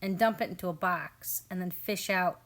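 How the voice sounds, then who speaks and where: A woman's voice: lowish voice, moderate pace, a bit bright. Chatty mother narrating her family garden. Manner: chatty, amused, quotes family members. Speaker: family homestead vlogger. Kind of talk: casual voice-over narration of garden video.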